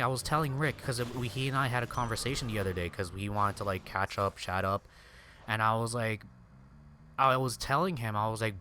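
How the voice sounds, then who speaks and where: A young adult man streams a game and chats casually with viewers, his fairly low voice steady, brisk, pushed, and bright. He rambles in a slangy way, peppering his talk with "dude" and "like," over slight background noise.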